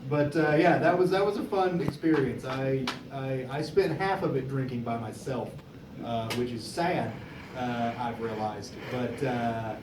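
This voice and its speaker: A young man moderating a convention panel, telling a casual anecdote with frequent laughter. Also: medium pitch. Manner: animated storyteller, laughing often. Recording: echoey room, distant mic, background noise.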